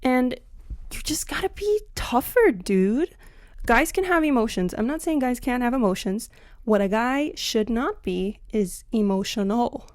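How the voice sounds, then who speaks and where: A young woman ranting to camera about dating, blunt and sarcastic, swinging between loud outbursts and muttered asides. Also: on the high side, animated, unhurried, no echo, clean studio sound. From Latina. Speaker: comedic commentary host. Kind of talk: scripted comedic rant to camera.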